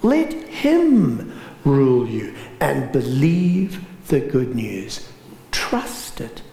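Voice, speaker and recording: A man preaches a sermon with dramatic storytelling, rising loud and then dropping to a hush. His pitch swoops widely. The room adds a noticeable echo. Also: big pitch swings, drawn-out words, creaky. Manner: dramatic storytelling, swinging from raised to hushed. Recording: roomy echo.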